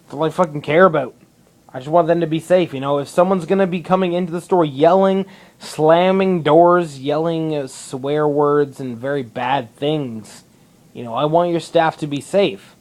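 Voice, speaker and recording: A young man talks straight to his camera in a rambling, casual vlog monologue, his voice sitting a bit higher than most men's. He swears freely, trails off and restarts his sentences as he goes. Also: steady tone, moderate pace, darkish tone. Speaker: vlogger. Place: indoors in a public building.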